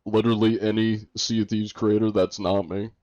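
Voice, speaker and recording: Young American streamer, wry and joking, mellow dark tone. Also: male voice, lowish voice, little pitch movement, moderate pace. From United States. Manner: joking, reads chat aloud and answers it. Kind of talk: casual livestream chat. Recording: dull lo-fi stream audio.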